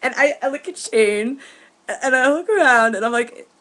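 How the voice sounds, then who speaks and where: A woman vlogging at home, telling a story in an indignant, animated way with bursts of laughter. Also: high-pitched, normal speed. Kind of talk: casual storytelling to camera. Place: at home, indoors.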